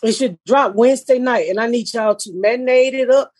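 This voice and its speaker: Brash, high-voiced middle-aged woman. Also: a little fast, darkish tone, no echo, studio quality. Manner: brash, profane, blunt. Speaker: host, comedian. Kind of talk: casual podcast chat.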